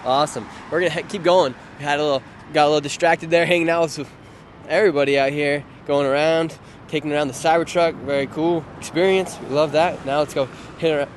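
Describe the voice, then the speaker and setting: A man hosting casual street interviews on a live stream, chatty and upbeat, asking passersby quick friendly questions outdoors on a city street. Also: a little high. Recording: clear street traffic noise. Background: traffic and street noise.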